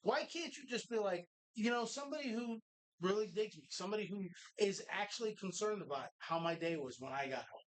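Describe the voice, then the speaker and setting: A man's voice: high voice, expressive, brisk, poor audio. A man co-hosting a live podcast taped in a bar, with a blunt, profane way of talking. He rants at length and pushes hard for straight answers. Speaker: co-host.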